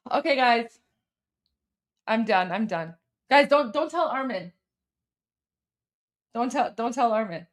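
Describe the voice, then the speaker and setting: Woman host from Iran; high, heated, repetitive rant delivery. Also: expressive, slow pace, pauses often. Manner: impassioned, repetitive, insulting. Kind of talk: live-stream political rant.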